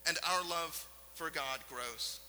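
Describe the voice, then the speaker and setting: Guy preaching a sermon, high bright voice, earnest, big reverb in the church. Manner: earnest, emphatic preaching with dramatic pauses. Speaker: pastor. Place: church sanctuary.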